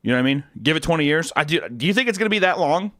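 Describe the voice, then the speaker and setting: A young man streamer answering chat questions in casual, crude, jokey talk, jumping from loud bursts to low mumbles. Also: animated, very fast, no room sound, clean studio sound.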